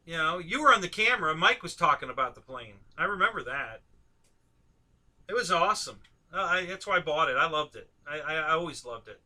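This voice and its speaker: Chatty high-voiced, bright-toned man host. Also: expressive, a little fast. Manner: chatty, laughs often, asks guests questions. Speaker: live stream host. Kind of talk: casual chat on a live stream.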